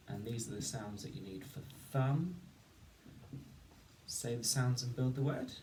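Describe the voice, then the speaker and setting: A male teacher giving a patient phonics lesson, slowly sounding out each word and syllable. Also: mid-range voice, lively intonation. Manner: slow, patient, sounding out words. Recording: roomy, distant mic with faint noise.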